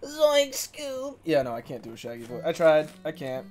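A young man streaming video games, reacting excitedly and laughing as he plays. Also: mid-range voice, fast. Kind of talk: casual gaming commentary. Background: faint game music.

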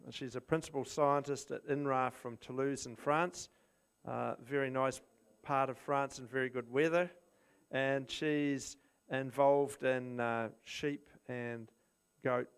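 Smooth-voiced man chairing a conference session. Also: mid-range voice. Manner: relaxed, polite introductions with hesitations. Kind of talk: introducing speakers at a conference.

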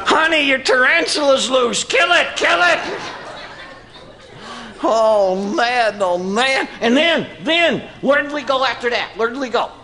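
A man's voice: very high-pitched, expressive, measured pace, sharp tone, full character voice. A man voicing a brash, cheeky redneck puppet who hollers and whoops, with a Southern US accent. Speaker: ventriloquist's dummy. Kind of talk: stand-up ventriloquist act. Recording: noisy comedy club.

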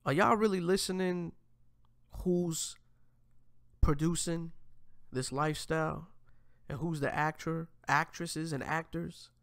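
A man's voice: on the high side, steady tone, slow pace, vocal fry, long pauses, fairly bright tone, no room sound, studio quality. A man hosting a casual commentary show, reacting to clips and talking straight to viewers in slangy, profane talk. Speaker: host.

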